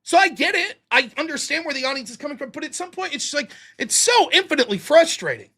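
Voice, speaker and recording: An American man hosting a political livestream, ranting in an exasperated, profane, animated way. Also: very high voice, fast. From United States. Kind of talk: ranting commentary.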